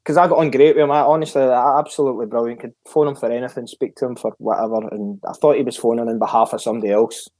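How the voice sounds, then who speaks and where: A Scottish man, a former footballer, telling a story in a relaxed chat and acting out the dialogue he retells. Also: mid-range voice, rapid-fire, hardly any pauses, dry recording. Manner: lively storyteller who acts out the dialogue he retells. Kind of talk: casual storytelling.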